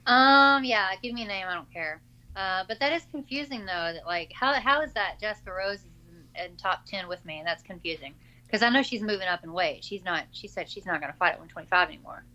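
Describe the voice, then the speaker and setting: A young adult woman fighter answering interview questions in a halting, filler-heavy casual way over a call. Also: medium pitch, expressive, pushed and bright. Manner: halting, many fillers and restarts. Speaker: MMA fighter being interviewed. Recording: dull lo-fi call audio.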